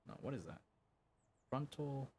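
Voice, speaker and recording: Young adult man, game streamer, casual rambling chat, lots of fillers, mid pitch, faint background noise. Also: animated, normal speed.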